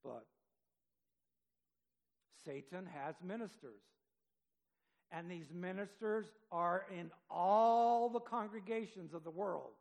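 A man's voice: sits high, slow pace, vocal fry, pauses often, a little mellow. A man preaching a sermon, reading scripture aloud and talking with his congregation in a conversational way, rising in force for emphasis. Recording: long hall reverb.

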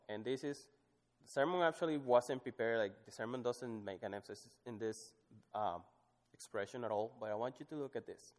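A man's voice: mid-range voice, fairly quick. Man preaching in a reverberant hall. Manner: swings from loud emphatic scripture reading to soft, hushed asides. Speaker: pastor. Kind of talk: sermon.

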